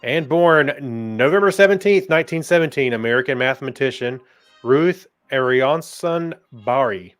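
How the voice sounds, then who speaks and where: A man co-hosting a casual podcast, easygoing and quick to laugh as he reads history notes. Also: mid-range voice, a bit bright, no echo, faint music behind. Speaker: podcast co-host.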